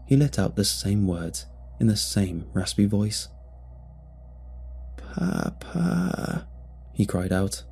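A man narrating a first-person horror story in a steady, dramatic storytelling manner. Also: lowish voice, husky.

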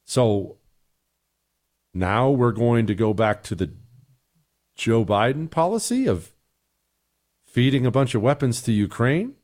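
A man's voice: medium pitch, animated, slow pace, long pauses, darkish tone. Middle-aged male host, blunt, sarcastic opinion talk. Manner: emphatic, sarcastic, repeats points. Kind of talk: opinionated commentary and listener emails.

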